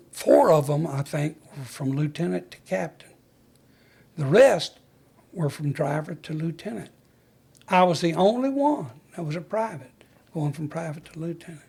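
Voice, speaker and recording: A man's voice: fairly high pitch, creaky, darkish tone, slightly rough. An older man, a retired fire chief, telling stories in an interview in a folksy way and acting out the voices of the people he recalls. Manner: folksy storyteller who acts out the dialogue he recalls. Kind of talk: storytelling interview.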